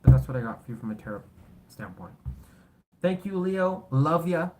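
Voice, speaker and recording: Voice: mid-range voice, expressive, normal speed, a little mellow. A tarot reader doing a casual reading to camera, blunt and sarcastic, rambling and correcting themself, with casual swearing. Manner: rambling, self-correcting talk.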